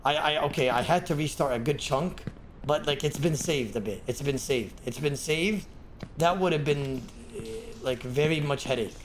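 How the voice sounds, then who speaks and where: A man live-streaming a game, talking to himself and to his chat, with sudden bursts of loud yelling and laughter. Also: on the high side, moderate pace, very noisy.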